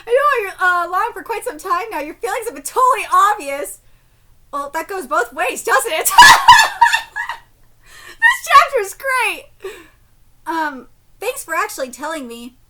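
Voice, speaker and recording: A woman live-streaming a manga reaction. She reads translated lines aloud in a quieter voice and breaks into shrieks, laughter and casual swearing as she reacts. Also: extremely high pitch, lively intonation, normal speed.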